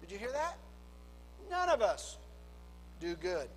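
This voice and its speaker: Male pastor, sermon, high voice, drops to a hush then builds, echoing church hall. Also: big pitch swings, takes it slowly, slight background noise. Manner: preaching with dramatic drops to a hush and rising emphasis.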